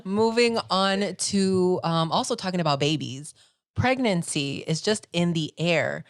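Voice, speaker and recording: Woman podcast host, lowish voice, chatty and enthusiastic fan, casual. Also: animated, a little slow, no echo, clean studio sound.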